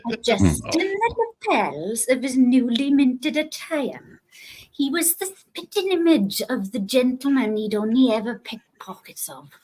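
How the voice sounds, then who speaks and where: A woman with a Welsh accent, a podcast guest reading a story aloud in a measured way. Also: high voice, big pitch swings, darkish tone, breathy edge, rough recording.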